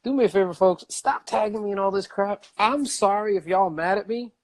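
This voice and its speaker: A man vlogging a casual rant, emphatic and animated, repeating himself and swearing. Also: high voice, a little fast.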